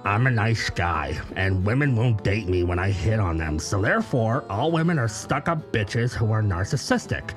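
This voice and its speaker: A man's voice: on the low side, animated, moderate pace, hardly any pauses, music in the background, voice pushed down, natural voice. A man voicing a whiny, self-pitying, melodramatic guy in a mocking tone. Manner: mocking, whining, overdramatic.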